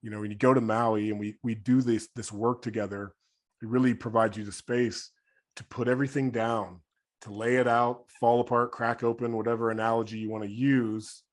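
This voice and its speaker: A man hosting a podcast, speaking in a reflective, heartfelt way with halting restarts. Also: medium pitch, level tone. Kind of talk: casual podcast conversation.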